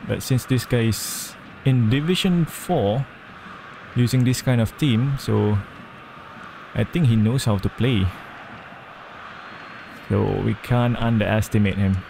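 A man's voice: medium pitch, slow, gravelly, pauses often, warm tone, slight background noise. A young man giving gameplay commentary, talking himself through moves and groaning or cheering at each play. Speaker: gamer.

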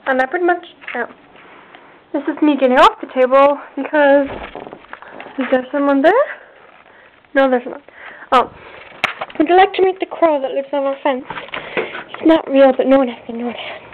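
A woman's voice: high voice, moderate pace, pauses often, background noise. A young woman giving a playful, self-mocking tour of her house for a home video, chatting as she goes. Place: house, indoors and out by a fence. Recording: tinny lo-fi home camera audio.

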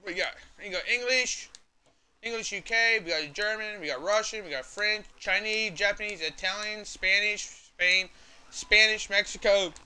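A man streaming a video game, chatting casually in a rambling, halting way with lots of fillers and restarts. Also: high voice, pushed and bright, clear, resonant tone. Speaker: gaming livestreamer. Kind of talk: casual gameplay commentary.

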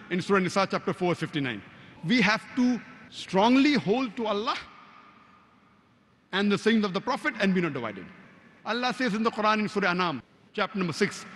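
Man, high-pitched lecturer, emphatic, quotes verses by chapter and number, rapid Arabic recitation, long hall reverb. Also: a bit bright. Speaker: Islamic preacher. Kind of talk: religious lecture.

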